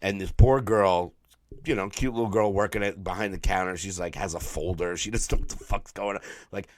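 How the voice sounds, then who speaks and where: New man, podcast co-host, low-ish voice, tired throat, profane, animated storytelling, dry close mic. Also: brisk, dry recording. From New York. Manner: profane, animated storyteller who mimics people. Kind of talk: casual storytelling chat.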